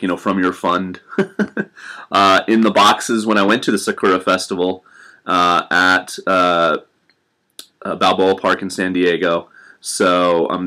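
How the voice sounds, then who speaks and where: A man's voice: low voice, pushed and bright. A young man chatting casually to camera in a rambling, self-deprecating way with many fillers. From United States. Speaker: vlogger living in Japan.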